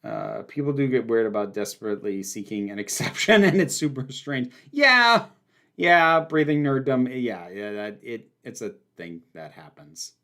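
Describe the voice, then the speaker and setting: Guy chatting on a livestream, really animated pitch, opinionated and rambly. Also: moderate pace. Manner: opinionated, emphatic, rambling with fillers. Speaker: livestream host answering viewer questions. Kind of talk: casual livestream chat.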